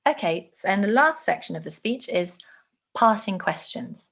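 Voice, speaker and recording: A woman teaching an online lesson on speech delivery, explaining in a conversational way with frequent ums and slowing down to stress words. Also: mid-range voice, lively intonation, creaky.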